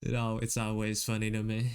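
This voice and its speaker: A man talks slowly and easily into a desk microphone as he draws on a live stream. His voice is smooth and clear, and his chat is relaxed and broken up by chuckles. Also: mid-range voice. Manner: relaxed, chuckling, chatting with viewers. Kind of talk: casual chat while drawing on stream.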